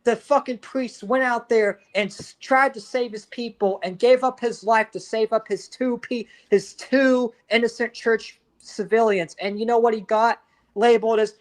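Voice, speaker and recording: A man's voice: very high-pitched, fairly even intonation, unhurried. Man ranting with profane anger. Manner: angry, profane ranting with restarts. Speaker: podcast co-host. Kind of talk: heated casual chat.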